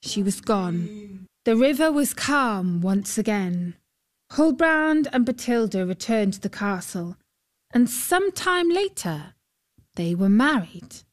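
A woman narrating a fairy tale in a gentle, expressive storybook style. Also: medium pitch, slow pace.

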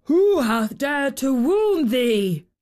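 A woman putting on a deep, gruff old giant. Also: slow, darkish tone. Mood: angry. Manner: lower, heavier voice. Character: huge old giant, gruff but loving.

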